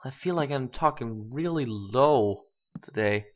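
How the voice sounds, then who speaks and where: A gaming channel host thinks aloud during let's play commentary, now and then erupting into excited exclamations. The voice is medium-pitched and a little slow, recorded through a dull lo-fi home microphone.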